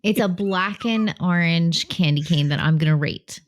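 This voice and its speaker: A woman's voice: on the low side, moderate pace. A woman co-hosting a podcast, chatting about films with playful, bossy teasing and plenty of enthusiasm. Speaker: podcast co-host. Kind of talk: casual film chat.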